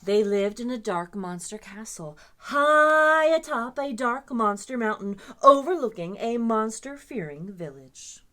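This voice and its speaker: Lively woman reading a children's story. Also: fairly high pitch, a little slow, hardly any pauses. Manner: expressive, dramatic storytelling. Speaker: children's librarian. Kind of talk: reading a picture book aloud to children.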